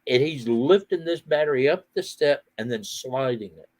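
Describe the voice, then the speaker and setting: A middle-aged man hosting a casual outdoor chat, telling animated stories and laughing often. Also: mid-range voice, moderate pace. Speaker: host.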